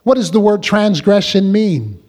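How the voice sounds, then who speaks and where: A man preaches to his congregation with a high voice, regularly pausing to draw them into call-and-response. His words ring out with a long reverb around the church hall. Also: animated, darkish tone. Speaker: pastor. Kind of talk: sermon.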